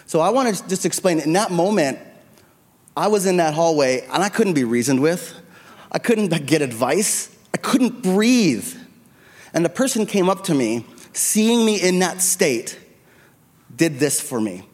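A man's voice: fairly high pitch, expressive, moderate pace. A middle-aged man preaching a sermon as a pastor, telling a personal story in an earnest, confessional way, on a handheld microphone. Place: church sanctuary. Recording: long reverb of a church hall.

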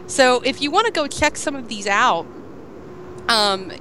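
A woman hosting a podcast in casual chat, relaxed and giving recommendations with small hesitations. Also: on the high side, measured pace, a little hiss or hum. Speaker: podcast host.

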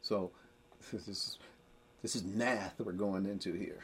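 Husky-voiced man teaching scripture. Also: sits low, steady tone. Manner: explains slowly, then builds to emphatic rising points. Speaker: Bible teacher. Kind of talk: verse-by-verse Bible teaching.

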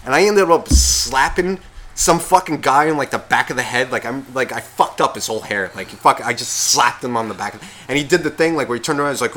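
A man's voice: mid-range voice, a little fast. A man casually telling a long story on a podcast, swearing constantly and acting out what everyone said. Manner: profane, animated, acts out quotes. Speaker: podcast co-host.

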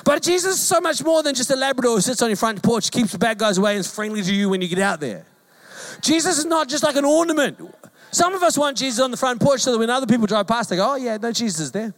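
Male pastor, New Zealand accent, lively joking sermon delivery, voice sits high. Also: fast. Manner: animated, jokey, mimics calls in a high voice. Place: church hall.

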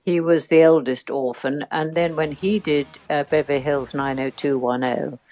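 A woman's voice: low voice, fairly even intonation, normal speed, a little mellow. Older british lady guest, chatty, lots of ums and restarts, telling stories. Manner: chatty, anecdotal, many fillers and restarts. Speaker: actress guest. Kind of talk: casual interview chat.

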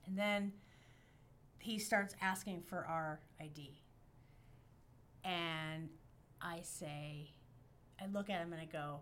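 A woman on a podcast telling a story in casual chat, animated and profane, acting out the quotes. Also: medium pitch, a little slow, long pauses, a little hiss or hum. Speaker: podcast guest.

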